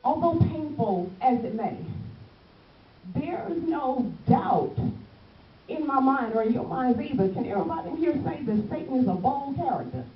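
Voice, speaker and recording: A woman's voice: sits high, expressive, normal speed. A woman evangelist preaching a passionate call-and-response sermon, pressing the congregation with "amen?" and calling them "baby". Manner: passionate, emphatic, keeps asking the congregation "amen?"; calls listeners "baby". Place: church hall with a congregation. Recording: echoey, distant, dull church recording with faint hiss.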